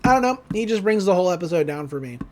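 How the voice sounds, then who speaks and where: Speaking very fast in a mid-range voice, a podcast host recaps a cartoon episode scene by scene. The casual retelling is animated and full of frequent laughs.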